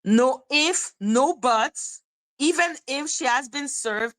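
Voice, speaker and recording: Irritated woman ranting on her live stream, bright sharp voice, kinda condescending, swears a lot. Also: high voice, expressive, slow pace. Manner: swears freely, repeats herself. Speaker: live-stream commentary host. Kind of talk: casual live-stream commentary.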